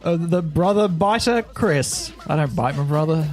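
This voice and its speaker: A man's voice: a little high, normal speed, darkish tone, soft background music. A man co-hosting a casual podcast, silly and teasing with his friends. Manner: silly, teasing, puts on joke voices. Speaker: podcast co-host. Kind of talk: casual chat.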